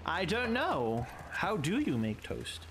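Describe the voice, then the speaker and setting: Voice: medium pitch, wildly swooping pitch, slow, background noise. A gamer giving casual, playful commentary during a let's play, swearing a lot and taunting the enemies on screen. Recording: game sounds behind voice.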